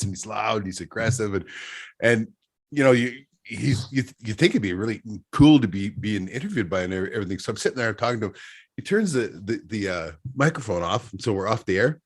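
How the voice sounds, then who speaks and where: A man's voice: fairly low pitch, brisk, breathy edge, no echo, studio quality. A middle-aged man from Texas, a trapper guest telling rambling stories in casual chat, laughing often. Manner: rambling anecdotes, frequent laughter, restarts.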